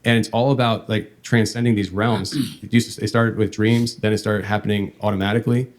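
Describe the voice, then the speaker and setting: Man rambling through a story, lowish voice. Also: fairly even intonation. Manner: meandering, halting storytelling. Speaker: podcast host. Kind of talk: telling a paranormal story.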